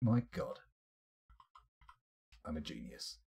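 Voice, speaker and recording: A British man streaming a game live, reading in-game text aloud slowly and adding dry, sarcastic asides. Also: a bass voice, sing-song, vocal fry, mellow, a little hiss or hum. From United Kingdom.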